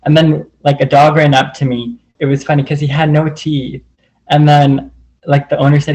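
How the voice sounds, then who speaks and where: A man's voice: fairly high pitch, flat delivery, moderate pace, a little mellow, poor audio. A man telling a personal story in a casual, rambling way, full of "like", over a video call. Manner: rambling, heavy use of "like". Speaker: group call participant.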